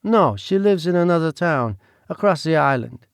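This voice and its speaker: A man's voice: fairly high pitch, animated, normal speed, vocal fry, clear, resonant tone, no room sound, clean studio sound, pitched above the performer's own voice. A man voicing a clever, prim fifteen-year-old French girl with a French accent, speaking in a poised, precise way. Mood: matter-of-fact. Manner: poised, precise, lightly teasing.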